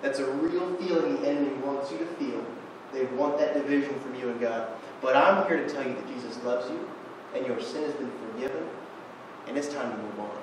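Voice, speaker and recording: A man's voice: mid-range voice, a little fast. A young man giving a guest sermon in a church, telling a fishing story with self-deprecating humor. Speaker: guest preacher. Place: church sanctuary. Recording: echoey church room from far off, noisy.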